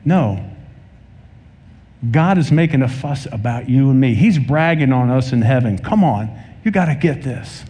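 A man preaching a sermon to a congregation, telling stories and acting out the people in them with lively energy. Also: medium pitch, a little slow. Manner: animated preaching, acts out dialogue in anecdotes. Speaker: pastor. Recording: long hall reverb.

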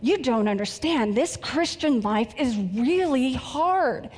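A woman's voice: high voice, expressive, slow pace, darkish tone, slightly rough, full character voice. A woman playing an exasperated young man pleading. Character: frustrated young male new believer. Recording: echoey hall reverb.

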